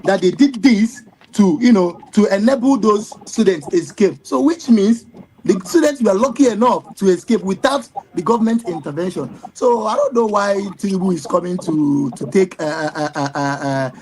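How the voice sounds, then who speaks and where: A man's voice: high voice, moderate pace, darkish tone, a little hiss or hum, low-quality recording. A man with a Nigerian accent, a guest on a live discussion, speaking emphatically and indignantly with many rhetorical questions and stacked fillers. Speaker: guest commentator.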